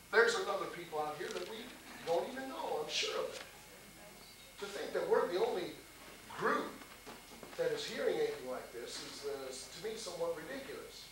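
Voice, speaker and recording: A man's voice: high voice, sharp tone. Male preacher, folksy storyteller, distant mic with hiss. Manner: folksy, chuckling often while telling a story. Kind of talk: storytelling sermon. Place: church service. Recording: echoey hall recording from a distance with noise.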